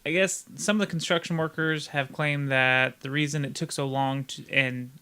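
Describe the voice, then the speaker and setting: A man's voice: a little high, steady tone, moderate pace, sharp tone, clean tone. A man co-hosting a casual group podcast, rambling with frequent restarts and laughing at his own points. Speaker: podcast co-host.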